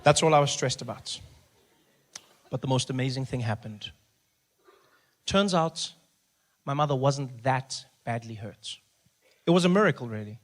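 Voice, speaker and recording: A man telling a stand-up comedy story in an animated way, slipping in and out of voices for the people in it. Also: mid-range voice, normal speed, pauses often.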